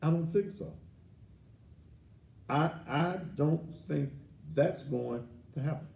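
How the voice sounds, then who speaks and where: A man's voice: fairly high pitch, takes it slowly, vocal fry, a little mellow. A man hosting a commentary show and ranting in a blunt, crude, indignant manner. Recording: echoey room, voice off-mic.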